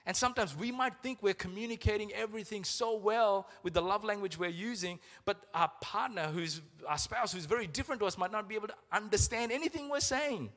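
A middle-aged man preaching a sermon as pastor, earnest and emotional, slowing down for emphasis. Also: high-pitched, fairly bright tone. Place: church. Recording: reverberant church hall with music.

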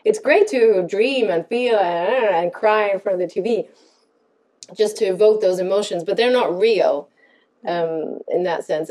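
A woman co-hosting a podcast in casual chat, reflective and thinking aloud with pauses. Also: mid-range voice, dark tone. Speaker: podcast co-host.

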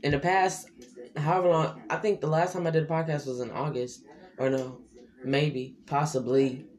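A man's voice: level tone, normal speed, darkish tone, a little hiss or hum. Rambling young man hosting a podcast. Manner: rambling, loose and slangy, with sudden pitch jumps. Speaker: podcast host. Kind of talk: casual solo podcast chat.

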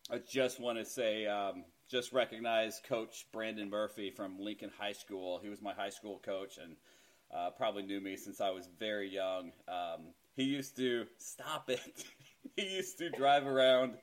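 A middle-aged man hosting a casual podcast, chatty and self-deprecating, laughing easily as he talks. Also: on the low side. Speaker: podcast host.

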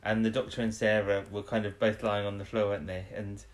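A man's voice: on the low side, flat delivery, quick pace. A man co-hosting a casual chat, rambling as he recaps an episode and acts out the characters' lines. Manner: rambling, retells scenes with quoted voices. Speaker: podcast co-host.

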